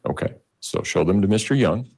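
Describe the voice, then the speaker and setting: A man presiding in court as judge, giving measured, directive instructions. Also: fairly low pitch, expressive, gravelly, a little mellow, slightly rough. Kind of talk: courtroom procedure.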